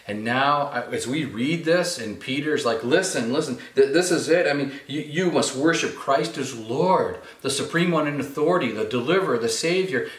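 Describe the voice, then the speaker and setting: A man's voice: mid-range voice, a bit bright, reverberant. A male pastor preaching a sermon in a casual, conversational way, driving points home with repeated phrases and slang like "man" and "dude".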